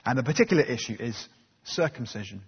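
A man's voice: medium pitch, lively intonation, fast talker, breathy edge. A man preaching a sermon in an earnest, conversational way, with frequent ums and uhs. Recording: dull recording in a reverberant hall.

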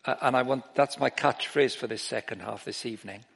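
A middle-aged man preaching an informal sermon, breaking off and restarting his sentences and growing animated as he tells stories. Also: medium pitch, brisk, vocal fry, breathy edge. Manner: informal, self-interrupting, grows animated while telling stories. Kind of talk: sermon with anecdotes. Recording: long reverb of a large hall.

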